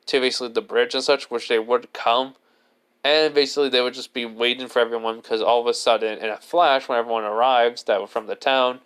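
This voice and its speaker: A man narrates an improvised fan-fiction tale in a smooth, clear voice of average pitch. He rambles, constantly restarting and padding his lines with filler words. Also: fairly bright tone. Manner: rambling, leans heavily on "basically" and restarts. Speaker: storyteller.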